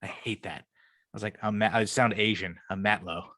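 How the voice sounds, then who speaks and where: A young man with a fairly low voice talks through a casual podcast chat, rambling loosely and dropping plenty of swear words. The sound is dry and close, with no room echo. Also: fairly even intonation, a little fast, bright, forceful tone. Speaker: podcast co-host.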